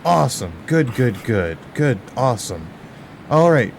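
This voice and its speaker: A man's voice: medium pitch, big pitch swings, unhurried, gravelly, a little hiss or hum. A man playing a friendly, rambling town guard in a tabletop game. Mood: easygoing.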